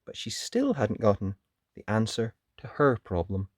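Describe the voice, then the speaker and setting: Male children's storyteller, lively sing-song pitch, dry close sound. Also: moderate pace, no echo. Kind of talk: children's storybook read-aloud.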